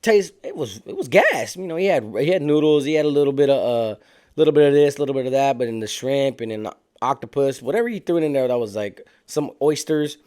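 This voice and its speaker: A man's voice: medium pitch, animated, quick pace, darkish tone. A man casually telling a story in street slang, animating it by acting out what other people said. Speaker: storyteller recounting prison life.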